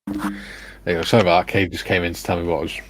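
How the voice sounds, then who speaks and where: A man hosting a casual livestream chat who reads viewer comments aloud in a relaxed way. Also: deep voice, racing, noisy background. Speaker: stream host.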